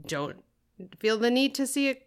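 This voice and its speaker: A young woman talking casually as a podcast guest, rambling and animated, poking fun at herself. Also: on the high side, moderate pace, smooth. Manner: rambling, animated, self-deprecating. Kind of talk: casual chat.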